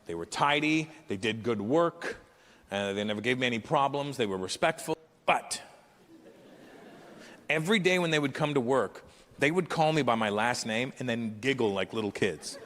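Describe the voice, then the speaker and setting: Brash fifties male comic from Canada, lively pitch, live hall echo. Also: moderate pace. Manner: animated, brash storytelling that jumps into character voices. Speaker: stand-up comedian. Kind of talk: live stand-up routine. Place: large live venue. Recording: echoey hall with loud ambience.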